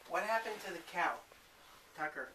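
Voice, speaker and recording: A man's voice: high-pitched, animated, normal speed, recorded from a distance. A man playing with a toddler at home, coaxing him along and making animal sounds for him. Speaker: family member playing with a toddler. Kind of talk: home video play with a toddler. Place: home room. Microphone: camcorder from across the room. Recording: echoey home camcorder audio with loud noise.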